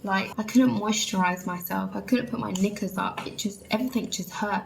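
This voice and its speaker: A woman's voice: medium pitch, steady tone, moderate pace, vocal fry, slight background noise, low-quality recording. A young woman from England, chatting candidly to viewers and saying "like" and "literally" a lot. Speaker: vlogger. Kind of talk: casual chat.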